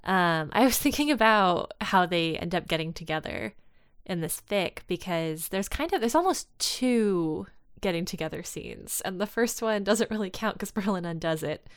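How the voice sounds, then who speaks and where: A woman chatting casually, retelling a story and acting out the characters' lines with lively energy. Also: lowish voice, normal speed, no echo, studio quality. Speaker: podcast co-host discussing fan fiction. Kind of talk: casual chat.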